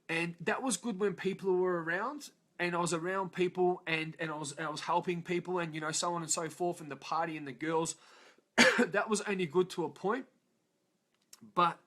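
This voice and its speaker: Aussie male, emotional first-person storyteller, coarse and unpolished, voice a touch higher than most men. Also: bright, forceful tone. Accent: Australian. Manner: raw, profane, emotional, frequent "yeah?" tag questions. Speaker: motivational vlogger.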